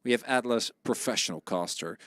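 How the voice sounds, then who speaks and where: A man's voice: mid-range voice, brisk, fairly bright tone, no room sound, clean studio sound. A tired male esports caster chatting casually, giggly and self-mocking. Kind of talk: casual chat between casters.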